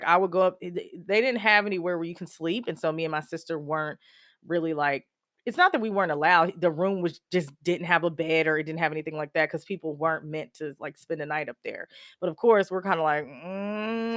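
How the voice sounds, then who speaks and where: A young woman hosts her own podcast and talks through a painful family story. She is candid and emotional, with a somewhat low voice that jumps higher when she quotes others. The recording is dry and close to the mic, with no room sound. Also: fairly bright tone, dry recording. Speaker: podcast host. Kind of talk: personal storytelling monologue.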